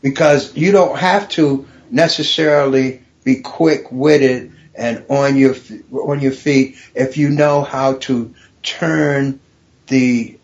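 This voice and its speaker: A man guest on a casual podcast, telling stories and jokes and laughing loudly at his own punchlines. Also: mid-range voice, fairly even intonation, takes it slowly, muffled recording. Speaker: comedian guest.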